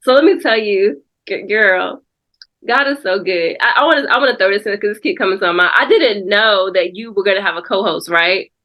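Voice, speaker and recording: A woman's voice: mid-range voice, a little fast, muffled recording. A woman guest on a faith podcast, speaking in a reflective, testimonial way and calling the host "girl.". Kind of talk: casual faith podcast conversation.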